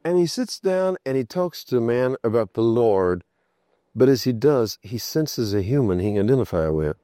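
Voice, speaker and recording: A man's voice: medium pitch, lively intonation, normal speed, warm tone, no echo, studio quality. A male preacher delivering a sermon in a storytelling way, repeating key phrases for emphasis.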